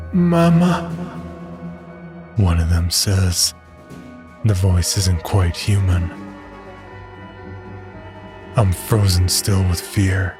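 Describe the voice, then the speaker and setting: A man narrating a first-person horror story in a grim, measured way. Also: low voice. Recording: narration over clear music bed.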